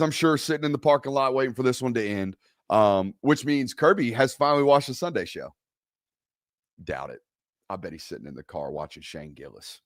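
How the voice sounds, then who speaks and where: A man with a drawl hosts a solo sports reaction show from a studio. His pitch swings widely, and he climbs into loud, high-pitched rants. The sound is dry and close, with no room echo. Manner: animated, goes loud and high when ranting. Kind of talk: solo live college football reaction.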